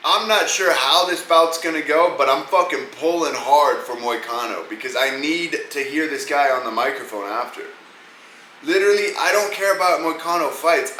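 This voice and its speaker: Here a man's voice, on the high side and sharp, carries casual fight-pick commentary as he hosts a podcast, rambling and cursing through upcoming bouts. There's slight background noise, and the room echoes with faint ambience.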